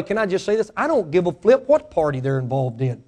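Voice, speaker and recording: A pastor with a Mississippi Southern accent preaching a sermon, his voice swelling to fiery shouts and then falling to a hushed prayer. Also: on the high side, very animated, brisk. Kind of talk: sermon with altar call.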